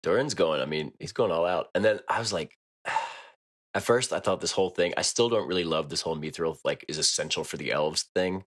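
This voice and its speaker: A man's voice: deep voice, brisk. A man co-hosting a podcast in casual chat, laid-back and skeptical, often trailing off. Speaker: podcast co-host.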